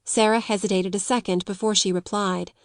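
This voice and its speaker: A woman reading a classic novel aloud as an audiobook narrator, in measured storytelling. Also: medium pitch, fairly even intonation, no echo, clean studio sound. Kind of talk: scripted narration.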